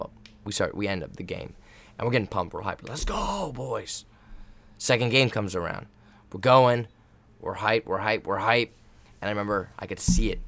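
Telling a game story with plenty of laughter, a young man who plays college volleyball acts out his own yelling in a casual, hyped tone. His voice is lowish, with vocal fry.

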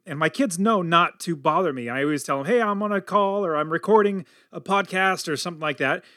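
A man's voice: on the high side, no room sound, studio quality. A middle-aged man hosting a podcast, telling a family story in a casual, upbeat way. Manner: energetic and upbeat, tells stories animatedly. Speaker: podcast host.

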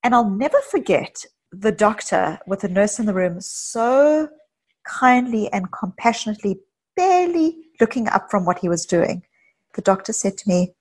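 A woman psychologist, a guest in an interview, talking earnestly and telling personal stories with quick asides. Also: mid-range voice, animated. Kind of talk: casual interview conversation.

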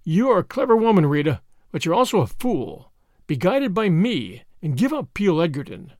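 A man doing a snarling, excitable conspirator. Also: high-pitched, normal speed, no room sound, clean studio sound. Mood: agitated. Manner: agitated, snarling, suspicious. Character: excitable, menacing male conspirator.

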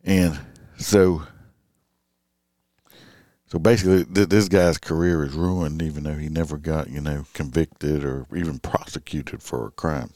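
A middle-aged man with a drawl talks through a late-night monologue in an extremely deep, low voice. He rambles and restarts, leaning on fillers as he goes. The recording is dry and close, with no room sound. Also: fairly even intonation, unhurried, mellow, no room sound. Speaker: police officer vlogger.

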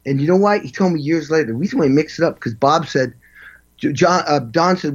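A man in an interview telling animated stories as a session drummer, acting out quotes and vocalizing drum parts. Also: a little high, brisk, dull audio. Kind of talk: storytelling interview.

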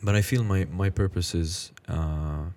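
A man in his thirties hosting a conversation, talking in a halting, reflective way with many pauses and fillers. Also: low-pitched, warm tone. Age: 30s. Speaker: podcast host. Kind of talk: casual conversation.

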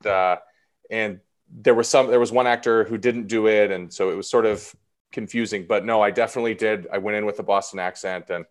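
Low-voiced man chatting as a guest. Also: steady tone, a little fast. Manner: chatty and self-deprecating, many fillers. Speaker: actor guest. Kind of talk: casual interview chat.

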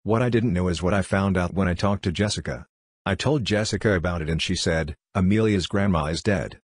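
A man reading a series of short ghost stories aloud in a steady, even storytelling delivery. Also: low voice, a little fast, breathy edge, no echo. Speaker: narrator.

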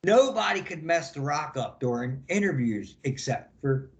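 A man with a high-pitched voice tells stories in an interview. He acts out the voices of the people in them, breaks into shouts and laughs. He is lively and doesn't hold back. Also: moderate pace. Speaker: interview guest. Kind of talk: animated storytelling in conversation.

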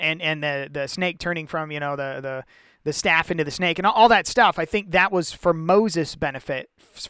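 A man's voice: on the high side, pushed and bright, clean tone, no echo, clean studio sound. A man in a casual bible study chat, thinking aloud with lots of restarts and repeated words.

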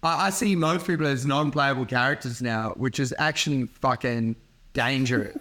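A man's voice: mid-range voice, normal speed, sharp tone. A man, a comedian rambling through a casual podcast chat, laughing often and swearing freely.

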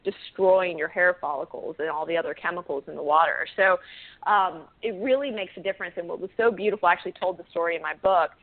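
A woman being interviewed as an author, talking casually and chattily with frequent laughs, fillers and restarts. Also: on the low side. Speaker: guest, author. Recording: phone-like band-limited audio.

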